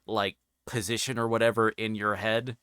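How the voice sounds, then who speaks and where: A man hosts a relaxed livestream interview, wandering through long, meandering explanations. His voice sits a little low yet comes across bright and clean. It is recorded close up in a dry, dead room. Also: normal speed, smooth, dry recording. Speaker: interview show host. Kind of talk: casual chat on a livestream.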